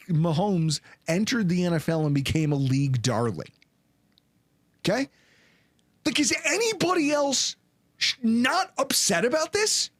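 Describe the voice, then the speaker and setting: A man's voice: high voice, no room sound. Guy ranting on a sports podcast, voice all over the place, dry close sound. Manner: animated, ranting, sarcastic. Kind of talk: casual sports talk rant.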